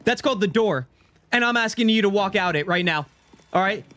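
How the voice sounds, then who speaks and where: A man's voice: high-pitched, expressive, fairly quick, sharp tone, no room sound. A man streaming a game live, chatting playfully with his viewers as he plays. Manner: playful, chatty, talks straight to his chat. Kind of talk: live-stream gameplay commentary.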